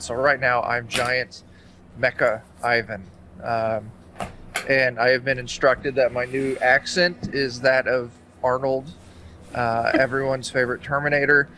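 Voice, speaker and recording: Bright-voiced joking man at a game table. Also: mid-range voice, a little hiss or hum. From Kansas, United States. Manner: self-deprecating, joking. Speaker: player. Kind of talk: casual chat.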